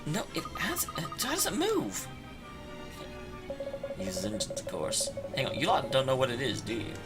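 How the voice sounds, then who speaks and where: A man gives casual, sarcastic commentary as he plays a game. His pitch rises and falls in a lively way, and game music runs clearly underneath. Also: normal speed. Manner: chatty, sarcastic, playful. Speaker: streamer.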